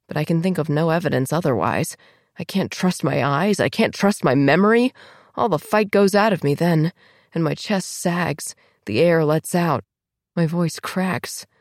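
Woman reading an audiobook in first person, deep for a woman, tense and emotional, dry studio sound. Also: no echo. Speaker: audiobook narrator.

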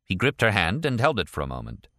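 Low-voiced male audiobook narrator. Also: wildly swooping pitch, quick pace, sharp tone, no room sound, studio quality. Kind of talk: scripted narration.

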